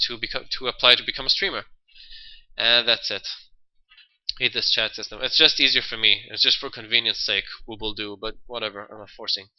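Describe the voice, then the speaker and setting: A man's voice: medium pitch, sharp tone, clean tone, dull audio. A young man hosting a livestream, chatting loosely and swearing casually. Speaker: livestream host. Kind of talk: casual stream chat.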